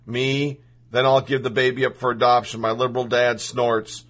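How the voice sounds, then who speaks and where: A man's voice: medium pitch, flat delivery, normal speed, a bit bright. A man reading a personal story aloud in the first person, earnest and emotional.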